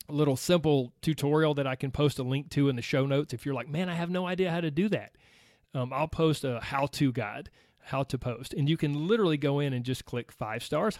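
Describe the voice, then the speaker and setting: A man hosting his own podcast in a casual, chatty way, animated and laughing often as he talks to listeners. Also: on the high side, no room sound, studio quality. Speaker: podcast host. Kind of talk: casual solo podcast talk.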